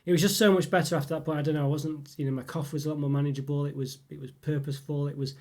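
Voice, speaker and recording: A man hosting his channel, chatting casually in a rambling way with many fillers, his voice still a little rough from a cold. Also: on the high side, steady tone, rapid-fire, darkish tone. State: lingering cough, voice still rough. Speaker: channel host. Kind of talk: casual update chat.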